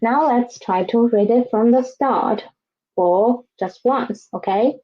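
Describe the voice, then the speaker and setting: Slow, patient woman teaching pinyin. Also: on the high side, warm tone, lo-fi sound. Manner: slow, patient, demonstrates each sound and asks students to repeat. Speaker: Chinese teacher. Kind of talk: pinyin lesson for beginners.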